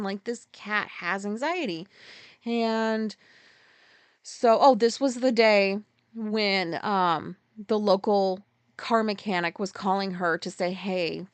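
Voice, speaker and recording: A woman in her forties hosting a casual solo podcast, rambling through a story, swearing freely and loudly acting out her own outbursts. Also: medium pitch, smooth, no echo. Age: 40s. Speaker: podcast host. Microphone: podcast mic.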